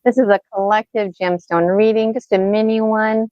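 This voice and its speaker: A woman's voice: medium pitch, fairly even intonation, normal speed, dry recording, muffled recording. A woman co-hosting a live gemstone reading stream, chatting casually and thinking aloud with fillers. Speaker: co-host and gemstone reader. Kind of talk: casual livestream talk. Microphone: video call.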